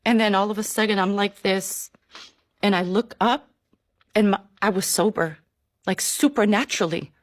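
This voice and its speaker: A woman telling her personal conversion testimony, earnest and emotional, with halting restarts. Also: medium pitch, no room sound, studio quality. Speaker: person giving a faith testimony.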